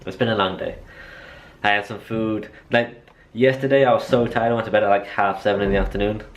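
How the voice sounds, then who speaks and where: A man's voice: lowish voice, fairly even intonation, fairly quick, lo-fi sound. A young man chatting in a rambling, self-mocking way as a vlogger. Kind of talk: casual vlog chat.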